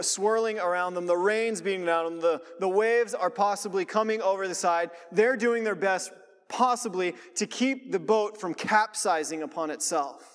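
A man preaching a sermon as pastor, reading scripture aloud and then explaining it in a conversational way. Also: sits high. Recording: long reverb of a large hall.

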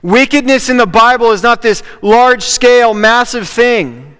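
A man's voice: very high voice, lively intonation, normal speed, bright, forceful tone, clean tone. A man preaching a sermon as a pastor, in a conversational way that repeats key phrases for emphasis. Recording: long reverb of a large hall.

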